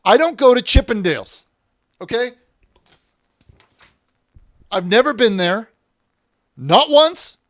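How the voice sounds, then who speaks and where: A man's voice: very high voice, sing-song, takes it slowly, pauses often, fairly bright tone, no echo, clean studio sound. A man hosting a comic call-in show, self-righteous and defensive as he lectures his callers.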